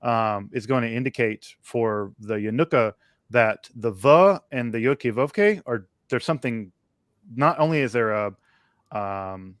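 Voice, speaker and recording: A man co-hosting a live text study, explaining in a measured, thoughtful way with frequent fillers. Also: mid-range voice, no room sound, clean studio sound. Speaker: co-host of a text study livestream. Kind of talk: conversational scholarly explanation.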